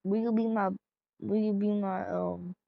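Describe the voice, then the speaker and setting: A woman's voice: medium pitch, fairly even intonation, a little slow, creaky, narrow, tinny audio, a little hiss or hum. A woman voicing an awkward, sweet puppet boyfriend who stammers and talks earnestly in a fan audio role-play.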